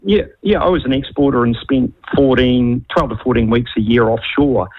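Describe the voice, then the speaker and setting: A man's voice: mid-range voice, normal speed, no echo. A man calls in to a radio show and tells a travel story in a rambling, hesitant way with many fillers. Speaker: caller. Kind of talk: casual phone-in storytelling. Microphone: phone line. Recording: muffled phone line on radio.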